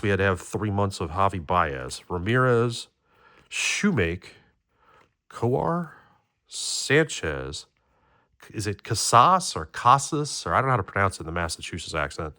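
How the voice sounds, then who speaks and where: In a card-opening video with clean studio sound and no room echo, a deep-voiced man with a fairly bright tone hosts his channel. He rambles casually, reading off player names and talking to his pet.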